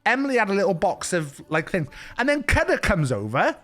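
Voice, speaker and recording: A man's voice: high-pitched, very animated, a little fast, fairly bright tone. A young man with a Welsh accent, telling a rambling story to his stream with frequent restarts and bursts of laughter. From Wales. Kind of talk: casual storytelling chat.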